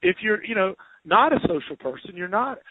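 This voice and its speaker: A Southern man hosts a casual podcast chat and laughs often. His voice sits fairly high. The sound is dry and narrow, like a phone call. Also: expressive, a little fast, dry recording. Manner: chatty, laughs often, many restarts. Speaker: podcast host, home inspector.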